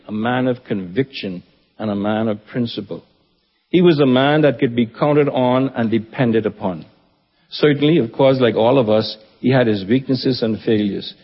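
A man giving a funeral eulogy at his church, earnest and reverent with touches of gentle humor. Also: mid-range voice, slightly rough. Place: church assembly hall. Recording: dull, echoey church hall recording.

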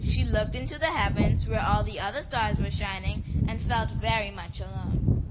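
A woman narrating a church Christmas play in an expressive storybook style. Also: medium pitch, moderate pace, lo-fi sound, heavy background noise.

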